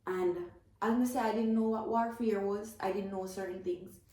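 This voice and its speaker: A woman's voice: mid-range voice, steady tone, normal speed, dark tone. Jamaican woman testifying in an echoey room. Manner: earnest, emotional storytelling with repetitions. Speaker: testifying believer. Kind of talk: personal faith testimony.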